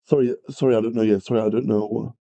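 A man's voice: lowish voice, steady tone, fast, creaky, mellow, poor audio. A man teaching a live maths revision lesson, greeting viewers and apologising often as he works through problems. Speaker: maths tutor.

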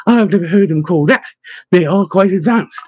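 A man's voice: high-pitched, brisk, a little mellow, slightly rough, no room sound, dull audio. A man voicing a cheerful, worldly male bard who talks in riddles, in a storybook. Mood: genial.

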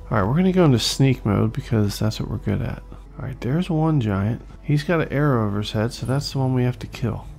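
A gravelly-voiced man gives casual, excitable commentary while he plays, cursing and taunting the enemies. Faint game music sits behind him. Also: medium pitch. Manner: excitable, swearing, talks to enemies. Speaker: let's play host.

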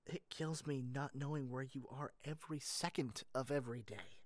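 A man in a whispered role-play, speaking softly and hesitantly with halting restarts. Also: medium pitch, no echo. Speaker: ASMR role-play voice actor.

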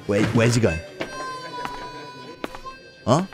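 A man doing excitable let's-play commentary on a video game, laughing and exclaiming often. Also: lowish voice, drawn-out words. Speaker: gaming YouTuber. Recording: game music behind voice. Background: game music.

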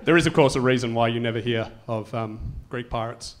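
A man's voice: mid-range voice, fairly quick. A man doing a stand-up comedy set, rambling and self-mocking with stumbling restarts.

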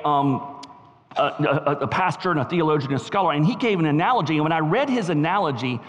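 A middle-aged man with a Southern US accent preaching a sermon as pastor, telling a story and swinging from soft asides to emphatic shouts. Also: fairly high pitch. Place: church sanctuary. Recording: reverberant church hall.

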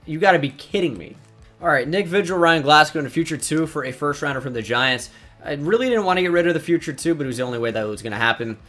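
A young man, a gaming YouTuber, talks casually over a sports video game in a fairly bright, somewhat high voice. He's blunt and exasperated, and he swears freely.

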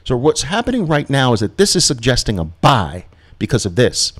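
A middle-aged man hosting a live Q&A on trading, telling stories in a casual, animated way and acting out quotes with big jumps in pitch. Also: fairly quick. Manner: animated, acts out quotes with sharp rises in pitch, laughs often.

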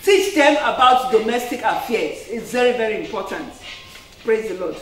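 A woman's voice: on the high side, expressive, normal speed. A woman preacher giving an earnest sermon, peppered with "amen" and "praise the Lord". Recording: echoey room, distant mic.

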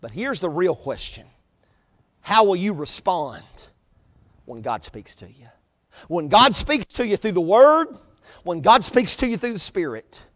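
A man preaching a sermon as pastor, pressing points with rising emphasis and letting line ends fall soft. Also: high voice, big-room sound. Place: church sanctuary.

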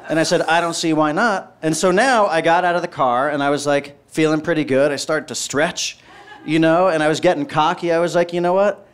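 A man's voice: on the high side, a little fast. A male stand-up comedian telling a long story and acting out both sides of the dialogue.

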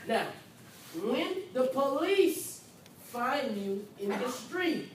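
A woman's voice: high voice, expressive, drawn-out words, slight background noise. A woman nursing instructor lecturing a class, speaking emphatically and repeating key points while acting as the patient in the first person. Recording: roomy, far from mic, faint ambience.

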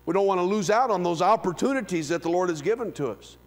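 Casting note: fifty-year-old male pastor, very high voice, preaching with big swings from quiet murmurs to ringing shouts. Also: expressive, fast. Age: 50s. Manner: swings from hushed low lines to loud high calls. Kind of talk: sermon. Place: church sanctuary. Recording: long hall reverb.

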